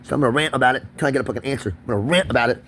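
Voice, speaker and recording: A man's voice: medium pitch, racing, fairly bright tone, slight background noise. Profane ranting man. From Kentucky. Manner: erratic, profane, confrontational, repeats himself. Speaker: vlogger. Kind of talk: solo profane rant to camera.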